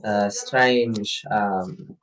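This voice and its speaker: A man's voice: fairly low pitch, steady tone, drawn-out words, a bit bright, rough recording. A man playing a tabletop game, talking hesitantly with many fillers. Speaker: player. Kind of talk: casual game chat.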